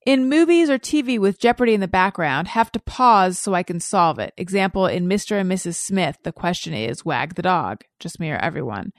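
A woman's voice: lowish voice, expressive, a little fast, hardly any pauses, no room sound. A woman hosting a podcast in casual chat, reading out listener questions with a dry, wry manner. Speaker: podcast host. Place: podcast studio.

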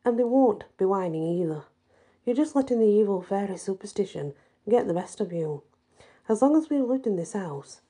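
A woman voicing a stern, dismissive middle-aged father in a spoken story, scolding in a husky voice. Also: lowish voice, mellow.

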